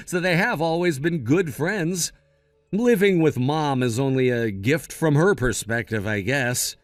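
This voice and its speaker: A man's voice: on the high side, dry recording. A man narrating a text-message story in a blunt, scolding tone. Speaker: narrator voicing text chat.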